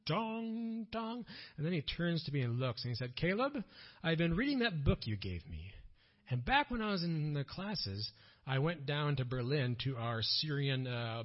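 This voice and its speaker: Husky Minnesotan man telling a story. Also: mid-range voice, lo-fi sound. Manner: conversational, with frequent fillers and self-corrections. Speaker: missionary speaker. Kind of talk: storytelling presentation to an audience.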